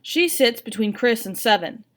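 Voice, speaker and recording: A woman reading a novel aloud in an expressive, first-person narration. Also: a little high, normal speed. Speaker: audiobook reader.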